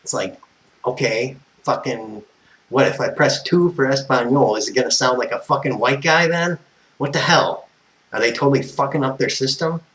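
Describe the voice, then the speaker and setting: A man's voice: medium pitch, normal speed, fairly bright tone, rough recording. Fed-up American guy, mid-range voice, salty ranting storyteller who cusses nonstop. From United States. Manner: profane, exasperated, tangent-prone. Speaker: vlogger.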